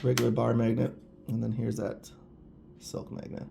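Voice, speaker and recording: A man's voice: mid-range voice, completely flat delivery, moderate pace, creaky, background noise. A man chatting casually and enthusiastically to viewers while reviewing products. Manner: gushing, chatty, addresses viewers directly. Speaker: nail polish reviewer.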